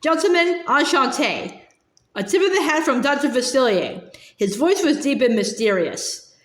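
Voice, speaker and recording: A woman reads a children's novel aloud, narrating steadily with the odd stumble and restart. Her voice sits a little high. The room around her adds a clear echo. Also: very animated, moderate pace. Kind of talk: storybook read-aloud. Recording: echoey room.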